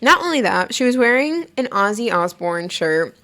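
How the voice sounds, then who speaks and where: A woman's voice: medium pitch, big pitch swings, normal speed, a bit bright. Chatty woman podcast host. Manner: chatty, lots of "like" fillers, laughs while talking. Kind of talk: casual storytelling monologue.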